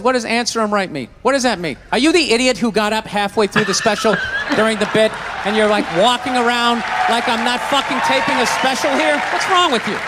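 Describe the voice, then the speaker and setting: A man's voice: very high voice, background noise. A man doing a stand-up comedy routine, ranting and swearing in exasperation before a live audience.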